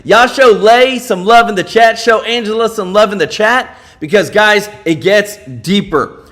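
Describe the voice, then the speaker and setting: Guy hosting a live reaction stream, high voice, really bright, keeps saying guys to chat. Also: measured pace. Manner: excited, keeps addressing viewers as guys. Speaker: channel host. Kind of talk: reaction commentary livestream.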